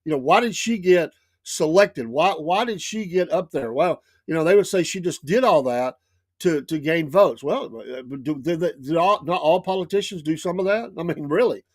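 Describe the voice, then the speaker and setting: A man's voice: on the high side, animated, normal speed, no echo, studio quality. A man hosting a talk show, giving emphatic, repetitive political commentary with frequent restarts. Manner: emphatic, repetitive, frequent restarts and "I'm gonna tell you". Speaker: radio talk show host.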